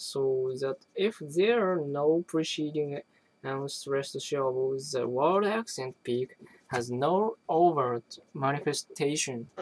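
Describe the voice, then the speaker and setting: A person reading an academic text aloud, halting often to restart and correct words. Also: medium pitch, a little mellow, a little hiss or hum, poor audio. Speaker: reader.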